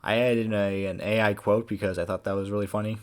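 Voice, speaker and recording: Male series creator doing a casual commentary voice-over; somewhat low voice, loose and rambling. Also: little pitch movement, fast. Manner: casual, rambling, with many fillers.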